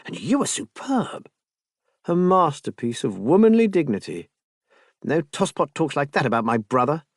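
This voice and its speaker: A man's voice: very animated, moderate pace, no room sound, clean studio sound. A man putting on a bold, spirited young woman. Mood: jubilant. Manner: raised pitch, brash and emphatic. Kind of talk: audiobook character voice.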